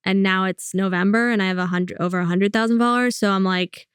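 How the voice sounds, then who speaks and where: A young woman, a comedian talking casually and bluntly as a guest, telling stories and slipping in quick quoted asides. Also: mid-range voice, fairly even intonation, clear, resonant tone, no room sound, studio quality. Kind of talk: casual interview chat.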